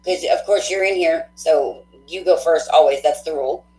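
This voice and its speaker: A woman hosting a live tarot stream, chatting casually with viewers, effusive and quick to laugh, thinking aloud with fillers. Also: deep voice, dark tone, reverberant, slight background noise, poor audio.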